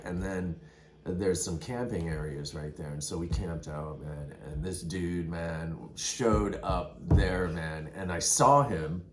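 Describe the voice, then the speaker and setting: A man's voice: deep voice, echoey room. A man telling hiking trail stories in a rambling, casual way, tossing in "man" and "dude" often. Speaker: hiker vlogger. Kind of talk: casual storytelling.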